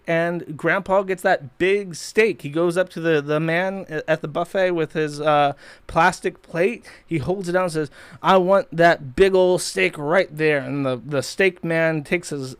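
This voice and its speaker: A man's voice: sits high, smooth, dry recording. A man hosting a livestream, ranting in a profane, mocking, rambling way. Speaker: streamer host. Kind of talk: livestream commentary rant.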